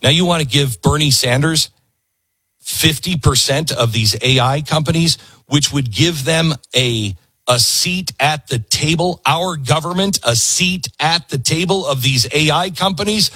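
Emphatic, bright-voiced male talk host. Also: fairly high pitch, unhurried, slightly rough, no echo. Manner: emphatic, repeats his points for force. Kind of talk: political commentary monologue.

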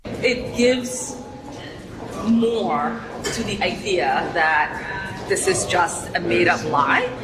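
A woman's voice: on the low side, very slow, pauses often, a crowd in the background, poor audio. A woman answering interview questions in a dismissive, indignant manner, heard in a played clip.

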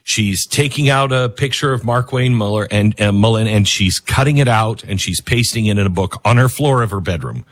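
A middle-aged man giving opinionated commentary over video clips, animated and chuckling, repeating points for emphasis. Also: lowish voice, normal speed, hardly any pauses. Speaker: political commentator.

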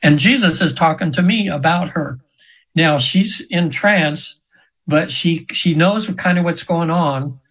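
A man in his seventies, a hypnotherapist appearing as an interview guest, rambles through casual stories full of fillers and restarts, now and then acting out the voices he quotes. His voice sits on the high side and sounds a bit bright, and he speaks unhurriedly. The recording quality is low.

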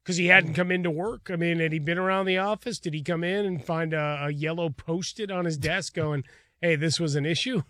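A man with a slightly raised pitch thinks aloud and poses questions in relaxed conversation. His voice sounds dry and close. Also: brisk, no echo. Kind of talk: casual chat.

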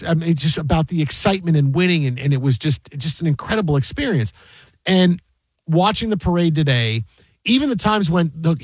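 A man's voice: on the high side, darkish tone, no echo. A man hosting sports talk, rambling and emotional, with many restarts. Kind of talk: excited sports talk chat.

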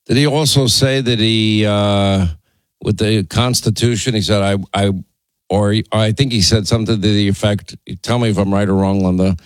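A man's voice: fairly low pitch, steady tone, normal speed, no echo. A man hosting a talk radio show, delivering indignant, rambling commentary full of restarts. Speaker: radio and podcast host.

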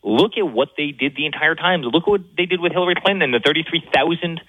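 A man speaking as an interview guest, fast and animated, with many restarts and repeated words. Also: on the high side. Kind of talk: interview on a phone line. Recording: tinny phone line.

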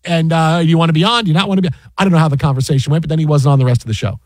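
A man who works as a sports broadcaster, telling an animated anecdote with many restarts and an incredulous tone. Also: fairly high pitch, rapid-fire, no room sound.

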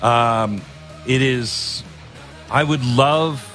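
Speaking very slowly in a mid-range, fairly bright voice, a talk radio host delivers a meandering, conversational monologue over faint music. He frequently breaks off and begins his sentences anew.

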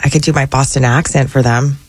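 A woman co-hosting a radio talk show, playful and quick to laugh as she banters with the host. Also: a bass voice, fairly even intonation, a little mellow, husky, no room sound.

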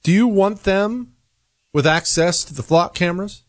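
A man's voice: sits high, moderate pace, no echo, studio quality. A man hosting a talk radio show, delivering an emphatic monologue full of rhetorical questions.

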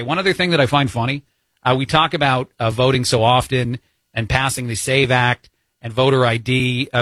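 A man's voice: mid-range voice, sharp tone, dry recording. A man with a New Jersey accent filling in as a talk radio host, giving opinionated, chatty commentary with many fillers into a studio mic.

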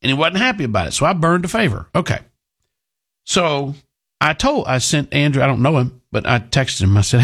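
A man's voice: medium pitch, big pitch swings, normal speed, vocal fry, pauses often, a bit bright, husky. A man hosting talk radio, telling a rambling, self-deprecating story in a casual monologue. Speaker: radio talk show host.

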